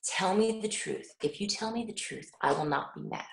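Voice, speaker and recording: A woman's voice: medium pitch, moderate pace, gravelly, roomy sound, rough recording. A middle-aged mother answering an interviewer, speaking earnestly and acting out little dialogues as she tells stories. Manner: earnest, animated storytelling with quoted dialogue. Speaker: parent guest.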